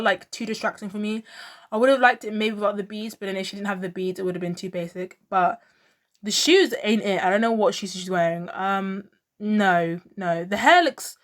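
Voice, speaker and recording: A woman talking casually to camera as a pop culture vlogger, chatty and opinionated, full of fillers and gushing exclamations. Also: medium pitch. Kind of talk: casual fashion commentary.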